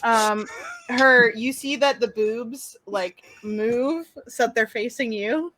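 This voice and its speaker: A woman playing a tabletop game, narrating haltingly with frequent giggles. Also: fairly high pitch, fairly bright tone, a little hiss or hum. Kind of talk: casual role-play narration.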